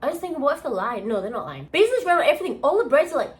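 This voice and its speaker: A young woman from the UK, telling a holiday story in a casual vlog, animated and exclamatory with plenty of slang. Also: sits high, racing, few pauses, rough recording. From United Kingdom. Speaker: vlogger. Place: holiday villa.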